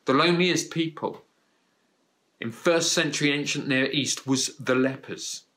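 Male preacher, bright ringing tone, earnest and encouraging delivery with swells and soft drops. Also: on the high side, a little slow. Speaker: pastor. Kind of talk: sermon.

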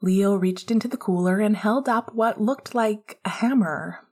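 A woman narrating a romance audiobook in a soft, unhurried storytelling manner. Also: mid-range voice, husky.

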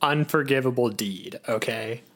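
A man's voice: mid-range voice, unhurried. A man who produces a podcast, joining the chat over a video call with joking, dry asides. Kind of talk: casual chat. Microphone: video call mic.

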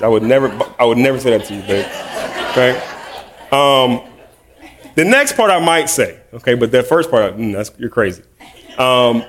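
Very animated and fairly quick, the medium-pitched speaker is a preacher and middle school teacher. His sermon is relaxed and chatty, built on self-deprecating, humorous storytelling.

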